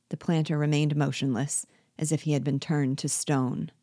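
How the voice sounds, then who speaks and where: A woman, the regular reader of the series, narrating a classic novel aloud with steady expression. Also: sits low, normal speed, no echo, studio quality. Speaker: reader and teacher.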